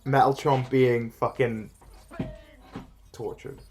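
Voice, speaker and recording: A man's voice: mid-range voice, fairly even intonation, takes it slowly, darkish tone. A man co-hosting a review show, chatting casually and joking with frequent laughter. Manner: chatty, jokey, laughs often. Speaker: reaction video co-host. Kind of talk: casual reaction chat.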